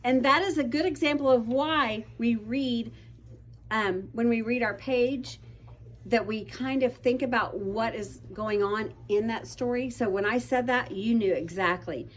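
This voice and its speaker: A woman's voice: fairly high pitch, unhurried. A young woman teaching a class of children, patient and encouraging, calling on pupils by name. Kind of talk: classroom vocabulary lesson.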